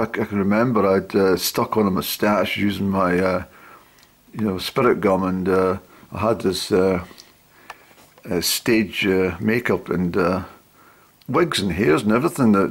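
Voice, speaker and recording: A middle-aged man telling old stories to a camera, rambling with lots of pauses and fillers. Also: lowish voice. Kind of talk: casual storytelling to camera.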